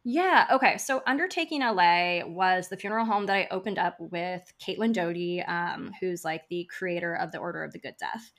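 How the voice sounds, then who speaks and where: A woman guest on a podcast, telling stories in a chatty, animated way with frequent "like" fillers. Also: fairly low pitch, normal speed, few pauses. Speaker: podcast guest, funeral home founder. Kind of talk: casual interview storytelling.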